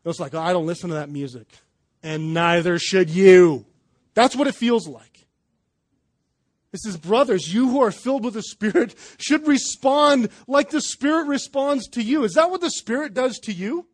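A man's voice: very high-pitched, lively intonation, measured pace. A man preaching a sermon at a church service in a loose, conversational way, with jokes and restarts. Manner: conversational, joking, with fillers and restarts. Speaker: pastor.

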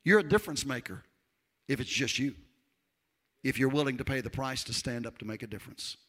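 A man preaching a sermon, telling his own story with lively, acted-out voices and loud peaks. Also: mid-range voice, a little fast. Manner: animated storyteller, acts out voices, shouts at peaks. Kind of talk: testimony sermon.

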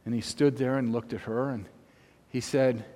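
A man preaching, telling a story in a measured, unhurried way with long pauses between phrases. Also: mid-range voice, steady tone, darkish tone. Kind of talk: sermon storytelling. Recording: long reverb of a large hall.

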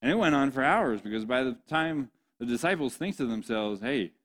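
A young male pastor gives a sermon in a relaxed, joking style. He keeps asking the congregation questions and plays out little scenes in a chatty voice. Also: mid-range voice, a little fast. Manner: playful, joking, asks the audience questions.

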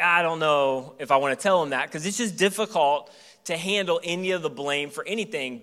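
A pastor in his thirties preaches in a church, telling stories in a loose, joking way. His voice sits high for a man and rings bright and forceful. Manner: casual, joking storytelling. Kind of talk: sermon.

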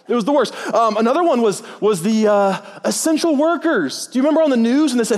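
A pastor preaching a sermon in a church, telling jokes and stories in a playful, animated way. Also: male voice, very high voice, fast, hardly any pauses. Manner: joking, animated storytelling with put-on voices. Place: church auditorium. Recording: long hall reverb.

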